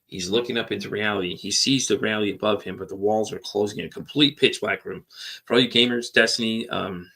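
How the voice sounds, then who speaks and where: A man talks candidly as a podcast host. His voice sits low and gravelly, with a bright, forceful edge. He rambles, circles back on himself and swears casually. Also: fast. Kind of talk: candid personal monologue.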